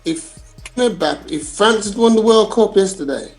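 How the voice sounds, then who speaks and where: A man's voice: high-pitched, animated, measured pace, soft background music. A man co-hosting a casual football chat, using a lot of slang and repeating his points emphatically. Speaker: podcast co-host.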